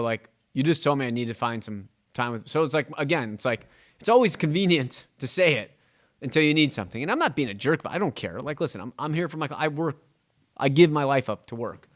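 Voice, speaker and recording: Guy rambling fast, real estate host, mid pitch. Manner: rambling, animated, acts out clients' quotes. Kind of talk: casual monologue.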